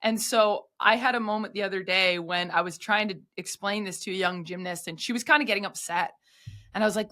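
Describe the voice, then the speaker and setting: A woman who coaches gymnastics, telling stories in a casual podcast chat, animated and full of "like" fillers. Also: mid-range voice, a little fast. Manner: animated storyteller, many "like" fillers.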